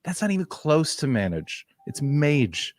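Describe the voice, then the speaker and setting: A man's voice: a little high, sing-song, a little slow, no room sound, studio quality. A man hosting a chat, reading old messages aloud and laughing often as he reads. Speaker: host. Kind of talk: comic reading aloud with banter.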